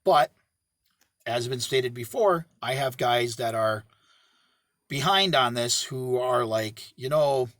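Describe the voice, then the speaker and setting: A man's voice: medium pitch, expressive, slow, pauses often, a bit bright, no room sound, studio quality. A middle-aged man who owns a septic pumping business, talking casually to camera from inside his parked work truck, rambling and correcting himself as he goes. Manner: rambling, self-correcting, plainspoken.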